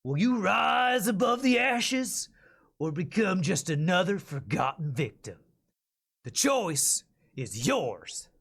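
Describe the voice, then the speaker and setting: A man voicing a grim male trailer narrator for a survival video game, with a deep, gritty Texas drawl and slow, drawn-out dramatic delivery. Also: big pitch swings, vocal fry, a bit bright, breathy edge, full character voice.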